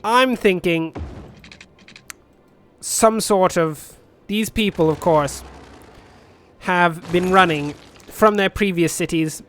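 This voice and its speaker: A man's voice: high voice, slow, long pauses, a bit bright, faint music behind. A man commentating a city-building game in a rambling, jokey storytelling manner. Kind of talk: let's play commentary.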